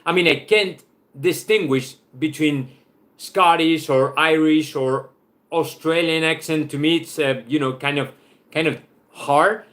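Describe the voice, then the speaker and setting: A man with a Spanish accent who speaks English as a second language, chatting casually on a football live-stream. His voice sits a little higher than most men's. He talks in a loose, rambling way, restarting phrases and checking in with "right?". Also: measured pace, fairly bright tone. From Spain. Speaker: football channel host.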